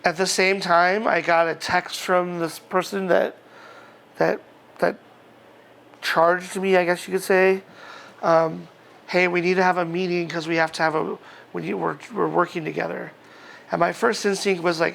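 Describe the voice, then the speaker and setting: A male pastor giving a relaxed, chatty sermon, reading scripture aloud and chuckling between thoughts. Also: sits high, moderate pace, vocal fry, long pauses, a little hiss or hum.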